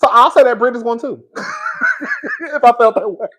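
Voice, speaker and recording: A man hosting a casual reality TV review, talking in an animated, sassy way with frequent laughs and calling his viewers "girl.". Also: very high-pitched, fast talker. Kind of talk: casual opinionated commentary.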